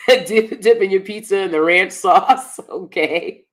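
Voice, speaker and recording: A woman's voice: mid-range voice, takes it slowly. A woman hosting a casual livestream chat, reading viewer comments and giving emphatic, opinionated advice with lots of repetition. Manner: emphatic, opinionated, repeats herself for stress. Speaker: host.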